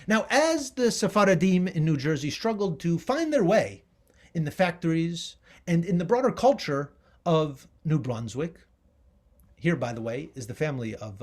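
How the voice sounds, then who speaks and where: A man's voice: a little high, expressive, moderate pace. A middle-aged man giving a public history lecture with slides, emphatic and rising on key words.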